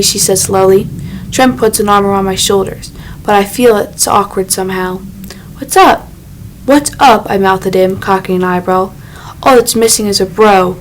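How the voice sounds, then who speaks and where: A woman narrating a first-person young adult novel in a measured, unhurried reading voice. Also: mid-range voice, slight background noise, poor audio. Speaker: audiobook narrator.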